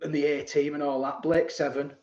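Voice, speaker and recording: A man's voice: fairly high pitch, level tone, brisk, darkish tone. Chatty man, roomy dull audio. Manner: chatty, reads out viewer comments, laughs often, reminisces. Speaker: live stream host. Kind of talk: casual live-stream chat. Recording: roomy, slightly dull live-stream audio.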